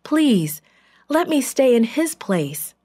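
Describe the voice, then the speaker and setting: A woman's voice: medium pitch, animated, a little fast, natural voice. Judah, a woman voicing him, earnest and begging. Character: grown brother Judah begging humbly.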